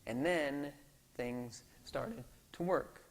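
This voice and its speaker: A man pastor telling stories in a sermon, lively and acting out the dialogue. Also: mid-range voice, drawn-out words. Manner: storytelling, animated, acts out dialogue. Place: church sanctuary. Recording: long hall reverb in a church.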